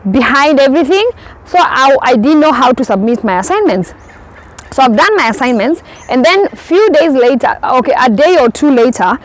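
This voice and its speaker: A woman's voice: high voice, rough recording. A young woman from Kenya, telling stories in a casual vlog and acting out her own reactions. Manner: lively storytelling, acts out her own reactions. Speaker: vlogger.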